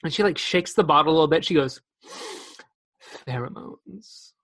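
A young woman with a low voice co-hosts a casual podcast about a movie. She retells scenes in an animated way, slipping into the characters' lines as she goes. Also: very fast. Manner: animated storytelling with acted-out quotes. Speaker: podcast co-host. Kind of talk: casual chat reviewing a movie.

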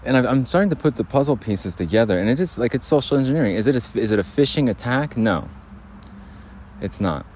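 A man's voice: medium pitch, lively intonation, brisk, a little mellow, a little hiss or hum. A man hosting a solo podcast, talking in a rambling way, restarting his sentences and laughing at himself. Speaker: podcast host.

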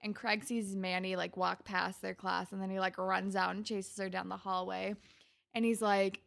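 A young woman with a gravelly, fry-heavy voice talks through a TV episode in loose, sarcastic chat full of "like". The sound is dry and close, with no room around it. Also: medium pitch, little pitch movement, moderate pace, fairly bright tone, no echo. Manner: chatty, sarcastic, heavy use of "like". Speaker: podcast co-host. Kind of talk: casual chat recapping a TV episode.

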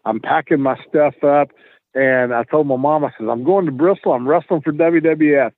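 A man's voice: a little high, moderate pace, dry recording. Man telling a story over a tinny line. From Tennessee, US. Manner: animated, acts out the dialogue. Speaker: guest, wrestler. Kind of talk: casual storytelling.

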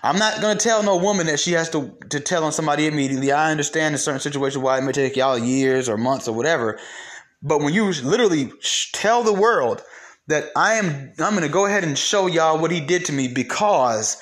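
A man's voice: fairly high pitch, expressive, a little fast, a bit bright. A young man hosting solo commentary, blunt and profane, ranting with mocked quotes. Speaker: commentary host.

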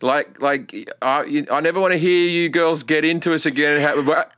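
Animated Australian man, bright voice. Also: fairly high pitch, moderate pace, smooth, no room sound, studio quality. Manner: animated storytelling, swearing, acting out crowd shouts. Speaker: guest comedian. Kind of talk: casual podcast chat.

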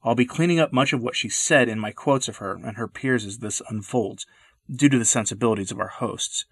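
A man delivering scripted commentary narration in a measured, deliberate way. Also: medium pitch, fairly bright tone, slightly rough, dry recording.

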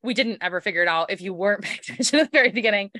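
A woman hosting a podcast in casual book-club chat, animated and laughing often, swearing freely. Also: medium pitch, racing, dry recording, studio quality. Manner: animated, laughing, swearing, puts on silly voices. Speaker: podcast host.

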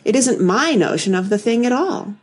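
Woman putting on a fussy scatterbrained storybook queen, higher sing-song voice, bit husky. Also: expressive, normal speed. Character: flustered untidy White Queen, muddled and plaintive.

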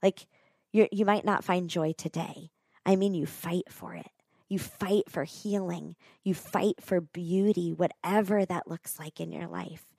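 A woman tells a personal story in an earnest, animated, conversational way, frequently saying "like". Her voice is on the low side with vocal fry, and she takes her time; the studio-quality recording has no echo.

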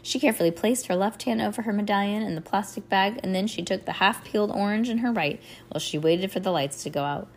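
A woman reading a children's chapter book aloud at home, animated, with little sound effects. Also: medium pitch, fast, slight background noise. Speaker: reader.

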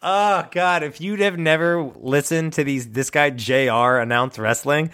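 A man co-hosting a podcast in casual chat, animated and swearing freely. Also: medium pitch, normal speed, clean tone. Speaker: podcast co-host.

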